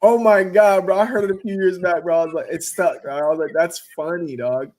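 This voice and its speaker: Laid-back slangy man, fairly high voice. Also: fairly even intonation, brisk, darkish tone. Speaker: host. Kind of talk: casual chat.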